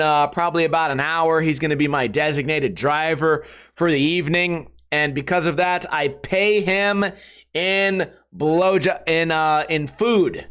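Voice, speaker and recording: A man in his thirties hosting a casual solo podcast, rambling and joking with lots of swearing and quick impressions of friends. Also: fairly high pitch, fairly bright tone, smooth. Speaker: podcast host.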